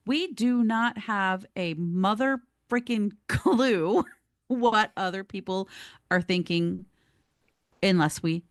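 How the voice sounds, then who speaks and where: A woman's voice: lowish voice, no room sound, clean studio sound. A woman co-hosting a podcast, chatting casually and animatedly, laughing easily and swearing mildly. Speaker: podcast co-host.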